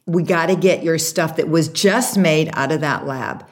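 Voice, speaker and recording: A woman guest tells her story with animation and acts out what people said to her. Her voice sits fairly low for a woman. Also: moderate pace. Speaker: guest, makeup artist and brand founder. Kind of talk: interview storytelling.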